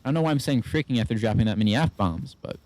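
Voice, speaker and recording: A man's voice: mid-range voice, lively intonation, fast talker, a little mellow. A man giving casual let's-play commentary, swearing and venting as he talks himself through the game. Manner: frustrated, swears often, talks to himself while playing. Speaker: gaming YouTuber.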